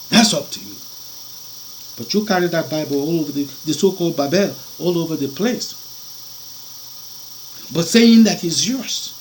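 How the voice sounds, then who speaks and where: A man delivers an impassioned sermon at an unhurried, drawn-out pace. His voice sits somewhat high and leaps wildly up and down in pitch. He swings from loud declamations to hushed, near-whispered lines. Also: gravelly, slight background noise, low-quality recording. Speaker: spiritual preacher.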